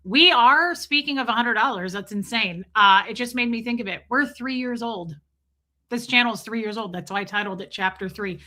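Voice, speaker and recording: Casual woman stream host: bright, slightly high voice, loose and profane, greets chat by name. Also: normal speed. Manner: chatty, swears freely, greets viewers by name.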